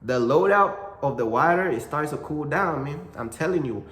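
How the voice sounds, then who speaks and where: A man's voice: fairly high pitch, expressive, moderate pace, fairly bright tone. Slangy man preaching in an echoey room. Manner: slangy, repeats "bro" and "you know what I'm saying". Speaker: Christian content creator. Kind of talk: casual faith talk to camera. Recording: echoey room with long reverb.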